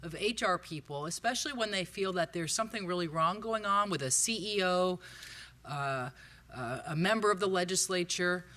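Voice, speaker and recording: Halting woman chairing a hearing. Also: on the low side, sharp tone. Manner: halting, searching questions with many fillers. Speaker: committee chair asking questions. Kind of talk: committee hearing questioning.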